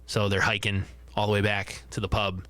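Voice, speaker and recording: A man's voice: lowish voice, normal speed. A man co-hosting a podcast, casually retelling a movie plot and acting out the characters' lines. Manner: animated retelling that acts out quotes. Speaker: podcast co-host.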